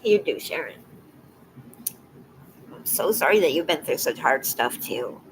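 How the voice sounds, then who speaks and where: A woman live streaming and chatting casually with her viewers, teary and emotional, talking in a halting, soft way that often trails off into a whisper. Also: low voice, animated, a little hiss or hum, rough recording.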